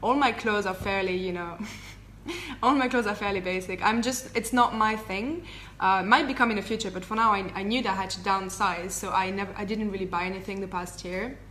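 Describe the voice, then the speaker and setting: Chatty woman co-host, bright tone, laughs often, slight background hiss. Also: mid-range voice, a little fast. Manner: chatty, giggly, with many fillers and restarts. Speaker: travel vlogger co-host. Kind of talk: casual live Q&A chat. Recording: faint background noise.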